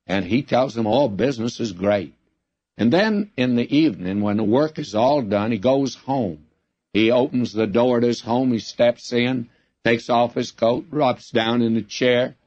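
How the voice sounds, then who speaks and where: A man's voice: mid-range voice, no room sound. A man preaching a sermon, telling stories and acting out the quoted speakers as he goes. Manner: storytelling, acting out quoted lines. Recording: dull lo-fi dry recording.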